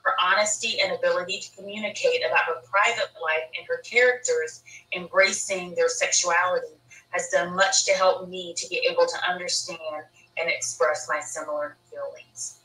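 A woman host softly reading a viewer's comment aloud in a measured way. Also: lowish voice, steady tone. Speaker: interviewer host. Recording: distant echoey room.

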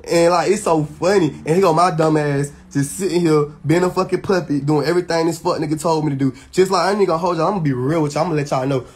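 Talking fast with hardly any pauses, this man has a fairly high, husky voice. He is a social media personality venting to camera, heated and emphatic toward his viewers, frequently swearing and starting over.

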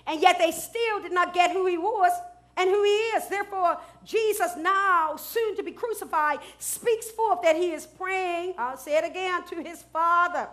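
A woman pastor preaching a sermon, dropping to hushed asides and rising to loud shouts, with features. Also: extremely high pitch. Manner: swings from hushed asides to loud shouted declarations, laughs often.

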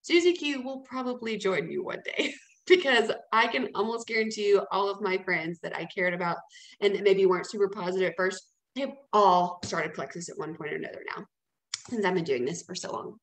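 A woman's voice: medium pitch, brisk, echoey room, poor audio. A woman leading a casual training talk, chatty and encouraging, often checking in with "okay?". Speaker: team leader training new sellers.

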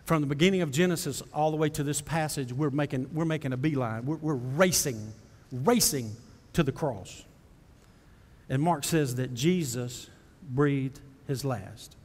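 A man preaching a sermon as pastor, folksy and direct with the congregation, building to impassioned high preaching. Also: a little slow, darkish tone, big-room sound. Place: church sanctuary.

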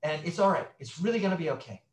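A middle-aged man, a sex therapist, talking as a guest in an interview, animated and acting out quotes with many restarts. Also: fairly high pitch, rapid-fire. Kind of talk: conversational interview. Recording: roomy echo.

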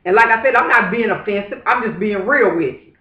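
A man's voice: high-pitched, brisk, dull audio. A man talking straight to camera in a casual, preachy vlog monologue, emphatic and fervent, with repeated rhetorical asides. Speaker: vlogger. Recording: roomy echo.

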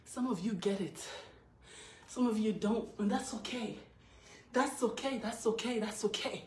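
A woman pours out an emotional, celebratory vlog from her house, chanting and laughing as she talks. Her voice sits a little high. She stands away from the microphone in an echoey room with a faint hiss behind her. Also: unhurried. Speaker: vlogger. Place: her home, indoors. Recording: roomy, distant from the mic.

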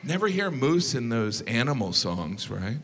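A male stand-up comedian performing to a live audience, mixing deadpan asides with sudden high-pitched incredulous outbursts. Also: a little slow. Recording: live show with loud audience noise.

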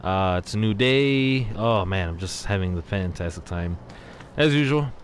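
A man's voice: on the low side, lively intonation, moderate pace, a little hiss or hum. A man casually commentating on his own gameplay, rambling and exclaiming often, a little out of breath. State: slightly out of breath. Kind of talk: casual let's-play commentary.

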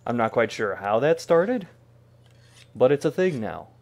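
A man's voice: mid-range voice, big pitch swings, a little slow, a little mellow. A man streaming a video game, talking to himself in a casual, wry way with joking asides. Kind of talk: casual gameplay commentary.

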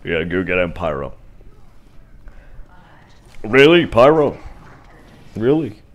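Deep-voiced young man commentating gameplay. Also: big pitch swings, takes it slowly, lo-fi sound. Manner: chatty, rambling, sarcastic asides. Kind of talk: casual let's-play commentary.

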